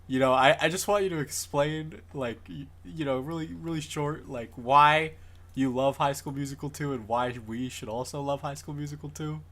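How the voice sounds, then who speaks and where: A man's voice: fairly high pitch, moderate pace, fairly bright tone. A man hosting a podcast, opening the show and asking the guest questions in a playful, rambling way. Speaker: podcast host. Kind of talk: casual podcast chat.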